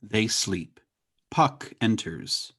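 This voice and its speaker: A narrator calmly reading stage directions in a community theatre reading. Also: medium pitch, drawn-out words, husky. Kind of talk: plain read stage directions.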